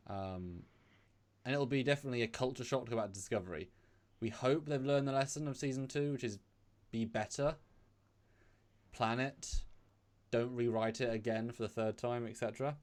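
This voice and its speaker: A British man co-hosting a casual chat show, rambling with many fillers and restarts. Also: mid-range voice. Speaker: podcast co-host.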